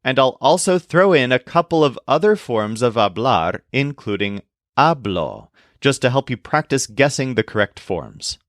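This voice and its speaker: A male teacher narrates a recorded language lesson, his pitch rising and falling with a lively, animated lilt. He talks slowly and carefully, spelling words letter by letter. The voice is dry and close, with no room sound. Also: no echo. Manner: slow, deliberate explanations with spelled-out words.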